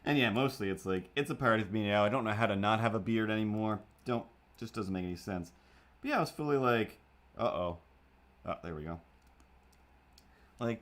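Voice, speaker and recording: A man's voice: medium pitch, a bit bright. A young man hosting a livestream, chatting casually while he draws. He rambles, jokes at his own expense and often drifts off topic. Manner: meandering, self-deprecating, goofy. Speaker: livestream host.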